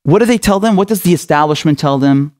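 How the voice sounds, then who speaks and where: A man's voice: fairly high pitch, animated, fast, a little mellow. A man hosting a political commentary show, delivering an impassioned, outraged rant full of swearing.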